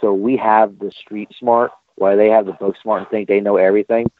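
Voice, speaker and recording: A man hosting a casual podcast, telling crude, animated military stories. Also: on the low side, a little fast, slight background noise. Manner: profane, animated anecdote telling. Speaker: podcast host, military veteran. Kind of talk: casual storytelling chat. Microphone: online call. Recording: dry, tinny phone-like call audio.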